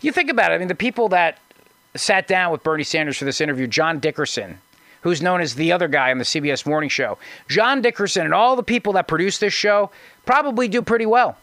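Male radio host, fairly high voice, dry booth sound, sarcastic commentary with frequent restarts. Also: animated, fast, a bit bright, no echo. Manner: sarcastic, mocking, restarts often. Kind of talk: conservative talk radio commentary.

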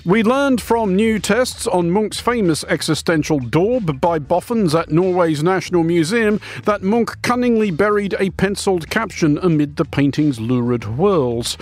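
Dry-witted male radio host. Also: high-pitched. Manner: dry, ornate, mock-pompous wit. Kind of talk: scripted satirical commentary.

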